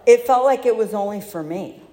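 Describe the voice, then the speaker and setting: A woman telling her own recovery story in a candid, halting, self-deprecating way, recorded in a large hall. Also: mid-range voice, expressive, dark tone, a little hiss or hum. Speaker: speaker sharing recovery story. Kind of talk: personal testimony talk. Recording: echoey hall.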